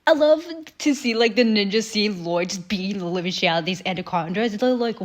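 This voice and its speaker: A woman hosting a reaction video in casual, chatty commentary, swearing freely and quoting characters in quick asides. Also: medium pitch, animated.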